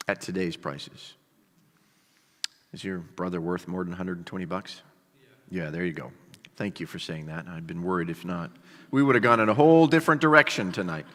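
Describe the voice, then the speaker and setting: A male pastor preaching a sermon with animated storytelling and casual asides to the congregation. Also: sits low. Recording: long hall reverb.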